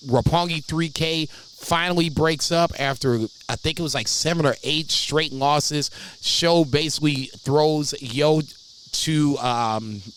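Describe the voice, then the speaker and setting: A man's voice: on the high side, a bit bright, a little hiss or hum, low-quality recording. A man co-hosting a wrestling podcast in casual chat, profane and laughing often. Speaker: podcast co-host.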